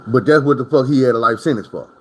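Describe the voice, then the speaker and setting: A man's voice: mid-range voice, quick pace, fairly bright tone. A man from Arkansas, telling prison stories in a casual storytime monologue. His talk is profane and rambling, full of asides to the listener.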